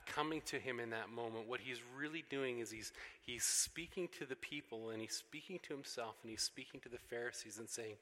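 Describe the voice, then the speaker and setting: A man preaching a sermon, animated and emphatic, acting out what people say and building to forceful peaks. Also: fairly low pitch. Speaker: pastor. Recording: long hall reverb.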